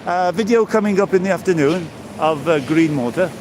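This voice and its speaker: Speaking fairly quickly in a high voice, a man in his sixties from England chats with live viewers and greets them by name. He's walking along a seaside promenade outdoors, and the background is noisy.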